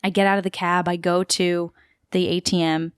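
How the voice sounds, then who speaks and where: A woman telling an animated New story, dry and low. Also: normal speed, smooth, no echo. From Queens, New York City. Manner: animated, chatty storyteller with frequent fillers. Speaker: podcast guest, actor and tour guide. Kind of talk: casual storytelling interview.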